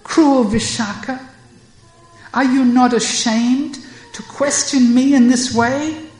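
A woman's voice: sits high, slow, a little mellow, reverberant, soft background music, voice pushed up. A woman voicing Radha, a lovesick young girl in anguish, speaking in a pleading, impassioned way. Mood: indignant.

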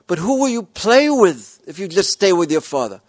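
A man voicing Rohini, a caring motherly woman gently coaxing a child. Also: high-pitched, big pitch swings, moderate pace, no room sound, pitched above the performer's own voice.

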